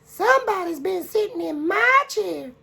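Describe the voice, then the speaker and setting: A fussy mother bear squeals her lines in a piercing falsetto, far above the reader's own voice, as a man puts her on. Her exclamations jump and swoop in a lively storybook read-aloud. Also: measured pace, creaky, heavily acted. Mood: indignant. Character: shrill motherly female bear.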